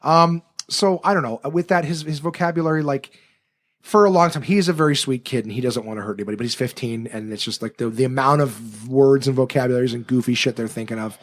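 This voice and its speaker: A man who is a comedian, telling a story on a podcast in casual chat, animated and swearing freely. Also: medium pitch, quick pace.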